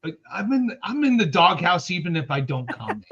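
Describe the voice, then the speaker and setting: Sing-song and a little fast, his high voice shouts out viewers by name as he co-hosts a sports podcast's casual live-stream chat in an upbeat mood. The lo-fi stream audio is dull, with a noisy background.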